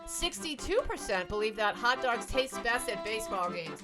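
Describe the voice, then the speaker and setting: A woman's voice: fairly high pitch, very animated, moderate pace, over music. A woman co-hosting a comedy talk show, bantering playfully and reading out news items. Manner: playful, teasing, reads news items aloud. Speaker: co-host.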